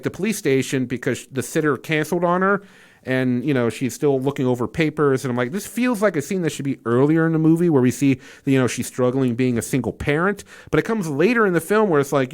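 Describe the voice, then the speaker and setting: A man's voice: on the high side, animated, brisk. A man giving a casual spoken movie review, incredulous and exasperated, rambling with fillers and restarts and swearing freely.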